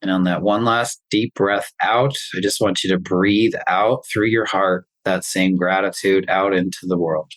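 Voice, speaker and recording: A man with a fairly low voice hosts a group session on a video call. He talks the listeners through a breathing meditation in calm, soothing, unhurried phrases. The sound is close and dry. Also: no room sound, poor audio. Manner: calm, soothing, slow guidance. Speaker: pharmacist host.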